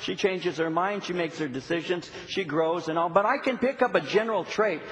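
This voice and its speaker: Animated man preaching in a reverberant church. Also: high voice, brisk. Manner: animated storytelling, acts out dialogue. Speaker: pastor. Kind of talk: sermon. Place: church sanctuary. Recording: long hall reverb, faint noise.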